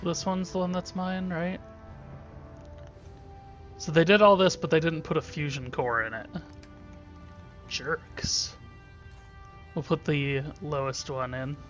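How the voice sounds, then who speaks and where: A man's voice: on the high side, steady tone, takes it slowly, long pauses, fairly bright tone, dull audio, soft background music. A man giving casual gameplay commentary as a let's play host, joking and irreverent, thinking aloud. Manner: joking, irreverent, talks to himself.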